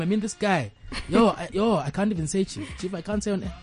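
A man's voice: high voice, quick pace, darkish tone, slightly rough, faint music behind. A young man from Zimbabwe co-hosting casual sports chat on radio, joking and laughing through football news. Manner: joking, laughs often, tangents into banter. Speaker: co-host. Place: radio studio.

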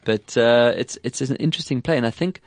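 A man's voice: medium pitch, fairly quick, no echo. A man from South Africa hosting a talk show, chatting thoughtfully and restarting sentences as he thinks aloud. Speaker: host. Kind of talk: conversational talk show chat.

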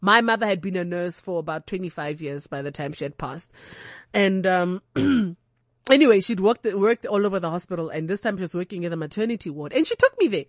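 A young South African woman telling candid, comic stories from her own life, animated and unfiltered. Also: fairly low pitch, fairly quick, no echo, clean studio sound. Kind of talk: comic personal storytelling.

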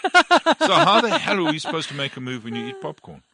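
A man's voice: a little high, huge pitch swings, fairly quick, pushed and bright, dry recording. A man hosting a casual chat, teasing and quizzing his guest.

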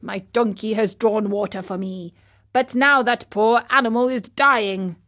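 A woman reading aloud and voicing a firm, businesslike older male farmer who speaks slowly. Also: mid-range voice, a bit bright. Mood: stern. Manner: slow, firm, bargaining.

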